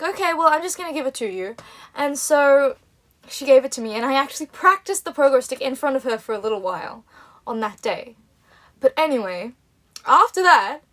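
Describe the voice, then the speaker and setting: Young woman, livestream host: high-pitched, fast-talking, giggly rambler who acts out everyone's lines. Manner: animated and giggly, rambling with restarts; acts out other people's lines in quotes. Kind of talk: casual storytelling to fans.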